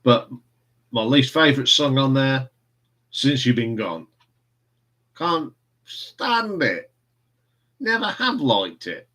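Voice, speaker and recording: A man's voice: mid-range voice, very animated, a little slow, bright, forceful tone. A man in casual, rambling chat, hosting a live stream from home. He answers viewer comments as they come in, chuckling often. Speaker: live stream host reviewing records.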